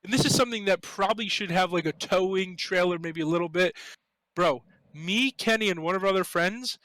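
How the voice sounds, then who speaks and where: A young man co-hosts a podcast, swapping stories in casual chat full of swearing and laughter. His voice is high-pitched, a little fast and a bit bright. The recording is rough but has no echo.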